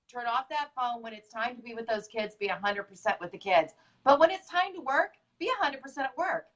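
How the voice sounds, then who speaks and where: A woman's voice: a little high, fairly bright tone, recorded from a distance, low-quality recording. A woman leading a motivational business talk, emphatic and fond of repeating her key points. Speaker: business leader and co-host.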